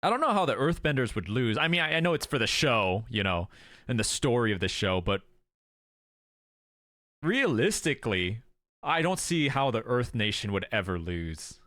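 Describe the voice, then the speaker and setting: A young male streamer talks over a show he is watching, his pitch bouncing all over the place as he exclaims at the screen. He swears casually and freely. The sound is dry and close, with no room around it. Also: very animated, moderate pace, fairly bright tone, no echo. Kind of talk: casual watchalong reaction chat.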